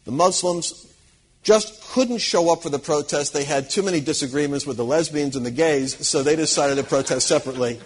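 A man preaching to a live audience, telling lively anecdotes, acting out quoted people and chuckling as he goes. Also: fairly high pitch, brisk, breathy edge. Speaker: Christian conference speaker. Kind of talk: storytelling sermon to a live audience.

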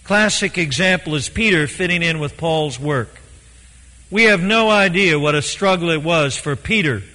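Guy preaching, earnest and emphatic, bright voice, lots of hall echo. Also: on the high side. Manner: earnest, emphatic, with slow deliberate stresses. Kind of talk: sermon. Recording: long hall reverb.

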